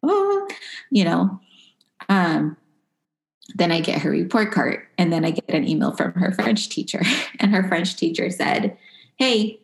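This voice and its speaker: A woman in her thirties talks casually about raising her kids, dropping Spanish phrases into her stories. Her voice is lowish and creaky, her pace measured, and the room sounds echoey.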